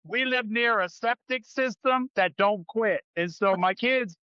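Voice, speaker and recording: A man's voice: high-pitched, unhurried, bright, forceful tone, clear, resonant tone, dry recording, muffled recording. A man hosting a comedy podcast, riffing through absurd improvised jokes. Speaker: podcast host. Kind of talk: casual comedic chat.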